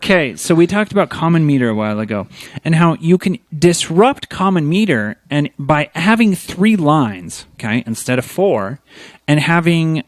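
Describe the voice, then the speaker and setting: A man's voice: fairly high pitch, no room sound. A man co-hosting a casual podcast, explaining meter and rhyme in a teacherly way and checking in with "okay?" after his points. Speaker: podcast co-host. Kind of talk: casual podcast chat, explaining lyric theory.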